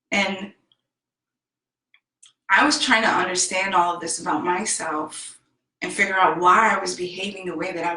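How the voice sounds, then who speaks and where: A woman telling a personal story in an unhurried, heartfelt way. Her voice is bright and forceful, and the room around her rings with echo. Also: mid-range voice. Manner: slow, heartfelt and emphatic. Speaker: self-help vlogger.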